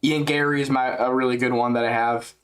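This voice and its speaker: A man's voice: mid-range voice, flat delivery, brisk. Joking young man streaming fights. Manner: joking, crude, rambling. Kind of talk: live fight-companion chat.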